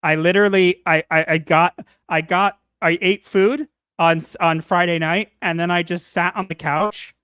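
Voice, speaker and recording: A man co-hosting a podcast in casual chat, animated and playful, sometimes ranting. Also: sits high, moderate pace, clear, resonant tone, no echo, clean studio sound. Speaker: podcast co-host.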